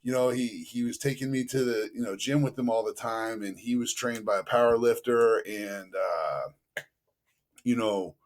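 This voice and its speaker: A man talks casually as a podcast guest, rambling through a personal story at an ordinary pitch. His delivery is loose and full of fillers, and he drifts into other people's voices as he retells events. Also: normal speed.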